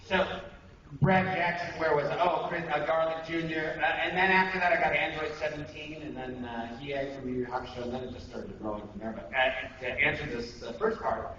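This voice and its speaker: A man's voice: a little high, steady tone, brisk. A male voice actor leading an acting workshop at a convention, in a joking, self-deprecating, rambling way. He is heard in an echoey, dull, noisy convention room from far off. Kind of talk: casual convention workshop talk.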